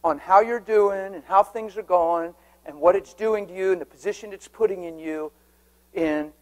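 A man's voice: high voice, moderate pace. A man preaching a sermon to a congregation, telling stories, joking and asking the crowd questions. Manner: lively storytelling with audience banter. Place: church hall before a congregation.

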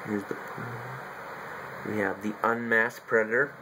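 A man's voice: fairly low pitch, little pitch movement, unhurried, background noise. A man casually reviewing a favorite movie and showing his figures, rambling and correcting himself as he goes. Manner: eager fan showing off collectible figures. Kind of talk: casual home video review.

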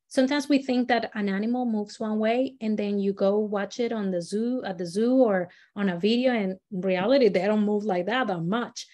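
A woman's voice: mid-range voice, a little mellow. A woman leading a storytelling workshop who talks in a chatty way, often restarting her sentences and acting out examples. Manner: chatty, many fillers and restarts, acts out examples. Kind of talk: casual teaching talk.

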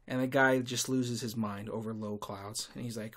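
A man rants through a solo podcast in a sarcastic, fed-up tone. His voice sits at an ordinary male pitch and now and then bursts out loud. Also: steady tone, normal speed. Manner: sarcastic, irritable, with sudden loud outbursts. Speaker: podcast host and tour guide. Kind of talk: casual ranting monologue.

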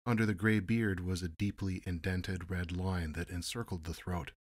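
A man narrating an audiobook in a measured, steady storytelling manner. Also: low voice, no room sound, clean studio sound. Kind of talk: audiobook reading.

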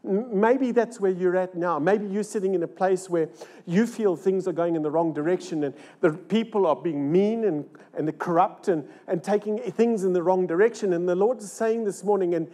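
Older man preaching with dramatic swings. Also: normal speed. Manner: dramatic, swings between loud rises and hushed low lines; asks the crowd rhetorical questions. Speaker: pastor. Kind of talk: sermon. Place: church service.

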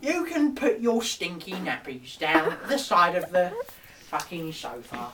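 A woman's voice: lowish voice, sing-song, unhurried, recorded from a distance, very noisy. A young woman teasing and taunting in a sing-song way in an improvised comedy sketch.

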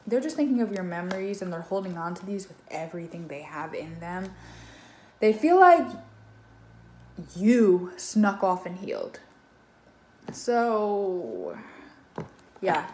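A woman's voice: medium pitch, warm tone, a little hiss or hum. A woman giving a casual tarot reading in a chatty, loose way, swearing now and then and acting out what others think. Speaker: tarot reader. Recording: echoey room.

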